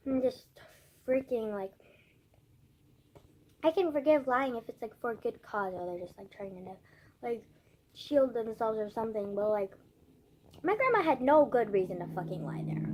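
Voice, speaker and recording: A woman's voice: on the high side, animated, normal speed, darkish tone, slight background noise. A teenage girl telling a story to the camera as a casual rant, with lots of fillers and swearing. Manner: swears a lot, many fillers, venting. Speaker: vlogger.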